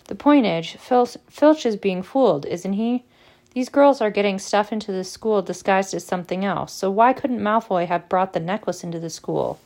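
A woman's voice: medium pitch, darkish tone, lightly acted. Woman doing a defensive teenage boy. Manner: insistent, quick. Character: teenage schoolboy wizard, stubborn and defensive.

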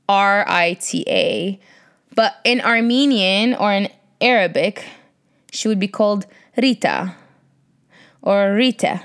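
A young woman from Iraq spins a casual, rambling story. She talks in an animated way and swears freely. Her voice sits at an ordinary pitch for a woman. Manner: profane, animated and chatty. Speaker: vlogger.

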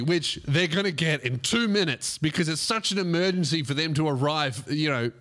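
High, bright-voiced Australian comedian ranting. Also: male voice. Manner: profane, indignant, mock-outraged. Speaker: podcast host. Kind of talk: comedic rant and storytelling.

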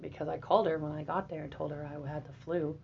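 A woman in her twenties, a podcast guest, telling a personal story in a lively, profane way and often laughing. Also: low voice, fast talker, creaky, a little hiss or hum. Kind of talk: casual storytelling. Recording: dull lo-fi audio.

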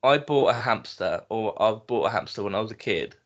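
A man's voice: on the low side, animated, a little fast, muffled recording. A man co-hosting a podcast, chatting casually with a dry, teasing wit. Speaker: podcast co-host. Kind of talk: casual chat.

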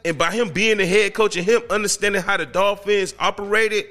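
A man hosting his own podcast, talking casually in an excitable, slangy, emphatic way. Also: high voice, fairly quick. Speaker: podcast host. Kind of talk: casual solo podcast commentary.

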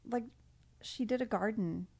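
A woman's voice: a little high, unhurried, vocal fry, darkish tone, slightly rough. A middle-aged woman, a podcast guest, talking in a casual, heartfelt way, reflective and tender, often emotional.

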